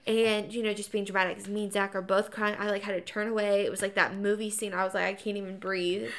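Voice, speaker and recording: A young woman on a podcast, chatting casually and telling a birth story with animated acted-out quotes. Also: mid-range voice, fast. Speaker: podcast co-host.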